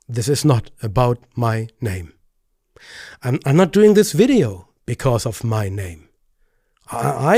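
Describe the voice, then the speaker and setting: A man, a pastor hosting a commentary video, speaking earnestly with stammered restarts and rising pitch when indignant. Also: darkish tone, no echo, studio quality. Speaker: pastor and host. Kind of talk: video commentary responding to clips.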